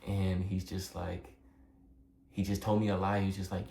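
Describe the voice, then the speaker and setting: A man's voice: low-pitched, little pitch movement, normal speed, gravelly, mellow. A young man telling a personal story in a casual, rambling way, earnest and emotional, full of fillers. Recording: echoey room with faint background noise.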